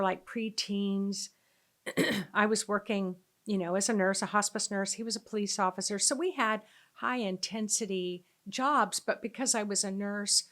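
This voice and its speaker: A middle-aged spiritual teacher tells a personal story in an earnest, conversational way. Her voice is ordinary middle pitch and a bit bright, and she often pauses on fillers while collecting her thoughts.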